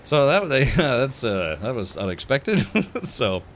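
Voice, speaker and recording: Excitable man streaming a game. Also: medium pitch, slow, faint music behind. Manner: excitable, laughs often, thanks viewers. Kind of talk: casual live-stream gaming chat.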